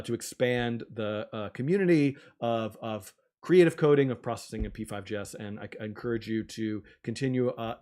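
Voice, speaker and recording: A man hosting a live-stream fundraiser, talking enthusiastically with lots of ums and restarts. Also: medium pitch. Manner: enthusiastic, animated, with frequent fillers and restarts. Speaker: livestream host.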